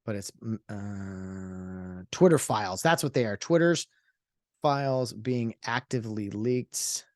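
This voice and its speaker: A man's voice: on the low side, lively intonation, slow pace, a little mellow, dry recording, studio quality. A man hosting a solo podcast, rambling in casual talk with lots of fillers and sarcastic asides. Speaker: podcast host.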